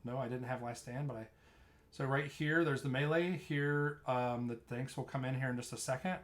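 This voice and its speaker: This is a young man casually breaking down a game fight over replay footage. He speaks in a loose, conversational way, often circling back to restart a thought. His voice sits at an everyday middle pitch. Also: moderate pace. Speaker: streamer explaining raid tanking. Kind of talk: casual gameplay walkthrough.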